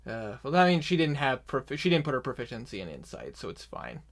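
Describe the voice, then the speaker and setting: A man narrating a tabletop game as game master, slow and deliberate, with excited bursts. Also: mid-range voice.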